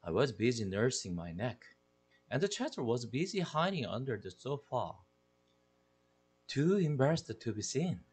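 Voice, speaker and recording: A man with a Korean accent reading a children's novel aloud with expressive, deliberate delivery. His voice is husky, and his pitch moves in lively swings to carry the story. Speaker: English teacher.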